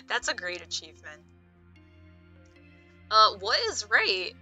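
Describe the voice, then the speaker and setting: A young woman chats her way through a game stream with a very bright, sharp-edged voice. She startles easily and laughs often as she reacts. Faint music plays behind her. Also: medium pitch, sing-song, slow. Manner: jumpy, easily spooked, laughs a lot. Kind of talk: casual let's-play commentary.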